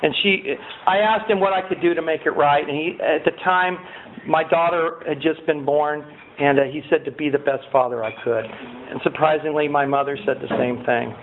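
At a recovery meeting, a man shares his personal testimony with animation, swinging between loud excitement and quiet earnestness. His voice sits a little high and moves at a moderate pace. The recording is tinny and lo-fi, with a faint hiss.

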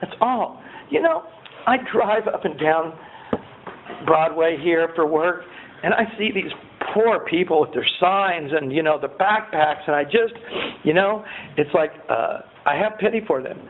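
High-pitched middle-aged guy rambling thru his recovery story, lots of uhs, thin phone-ish audio w faint hiss. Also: animated, measured pace. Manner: rambling, many fillers, acts out quotes in a raised voice. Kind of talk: personal testimony to a group. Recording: tinny phone-like sound with faint noise.

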